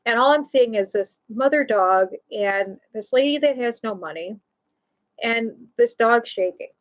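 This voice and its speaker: A woman's voice: on the high side, animated, unhurried, poor audio. A woman hosting a live show, telling an emotional personal story in a rambling way, full of restarts and "you know".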